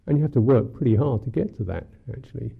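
A male Buddhist monk gives a dharma talk in a wry, unhurried, musing way. His voice is husky with a gravelly edge, sitting at an ordinary pitch for a man. The recording is thin and phone-like. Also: expressive. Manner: musing, unhurried, wry, many "you know" fillers.

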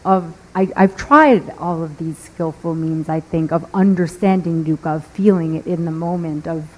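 A woman's voice: low voice, moderate pace, darkish tone, rough recording. A woman in a meditation group asking the teacher a question, speaking earnestly. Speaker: student.

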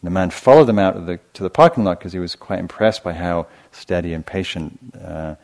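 A man with a very deep voice gives a dharma talk at a meditation retreat. He speaks gently and reflectively, telling stories and often pausing to restart a phrase. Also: gravelly. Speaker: meditation teacher.

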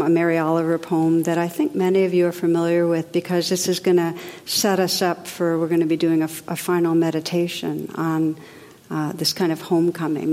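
A woman meditation teacher giving a spiritual talk in a gentle, reflective, unhurried way with soft drops in her voice. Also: on the low side. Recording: long reverb of a large hall.

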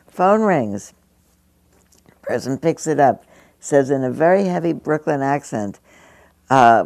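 A woman's voice: a bass voice, lively intonation, takes it slowly, vocal fry, pauses often, darkish tone, no room sound. A woman over seventy giving a meditation teacher's dharma talk to an audience, conversational and storytelling, with frequent chuckles. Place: meditation hall.

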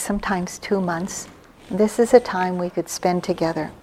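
A woman in her sixties, a meditation teacher giving a gentle, reflective dharma talk on retreat, her phrases trailing off softly. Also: on the low side. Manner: slow, gentle, reflective storytelling with soft breathy trailing phrases.

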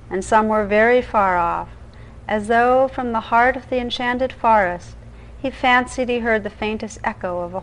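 A woman meditation teacher reading an old legend aloud in a calm, measured way during a dharma talk. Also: medium pitch, rough recording.

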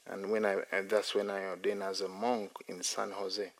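A man's voice: sits low, flat delivery, moderate pace, gravelly. A man, a Buddhist monk, giving a dharma talk at a meditation retreat, chuckling often and telling self-deprecating stories. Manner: playful, chuckles often between phrases.

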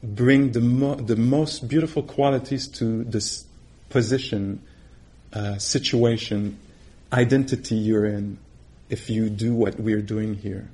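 A man's voice: lowish voice, fairly even intonation, slow, dark tone. A middle-aged man giving a meditation talk in a casual, conversational way, laughing often and acting out quoted voices. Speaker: meditation teacher. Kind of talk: dharma talk.

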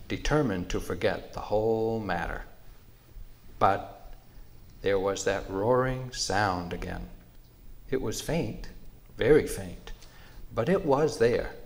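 Male storyteller, low voice, very slow and measured narration. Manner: measured, unhurried.

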